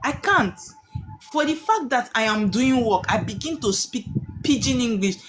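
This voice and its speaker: A woman's voice: a little high, expressive, moderate pace, fairly bright tone, a little hiss or hum. A woman, hosting a live stream and teaching with emphatic rhetorical questions that she answers herself.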